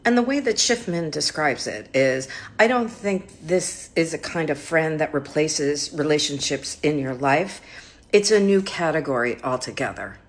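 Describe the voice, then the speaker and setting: A woman's voice: low-pitched, animated, moderate pace, faint music behind. A woman marketing expert giving casual, skeptical commentary to camera in a conversational way.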